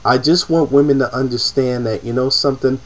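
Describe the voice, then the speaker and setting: A man's voice: medium pitch, steady tone, fairly quick, muffled recording. A man in an emotional, profane personal rant to camera, repeating himself as he presses his point. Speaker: vlogger.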